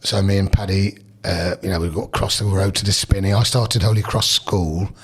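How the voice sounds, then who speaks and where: A man's voice: sits low, fairly even intonation, brisk, slightly rough. A man in his sixties, a podcast guest, telling rambling family stories in a chatty, casual way. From England. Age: 60s. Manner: rambling, chatty, with restarts and asides. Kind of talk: casual storytelling.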